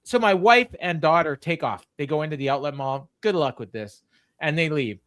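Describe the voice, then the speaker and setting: A man's voice: on the high side, expressive, normal speed, fairly bright tone, dry recording, studio quality. A middle-aged man, co-hosting a casual podcast and telling long stories full of ums and restarts. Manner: rambling storyteller, many ums and restarts. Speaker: co-host.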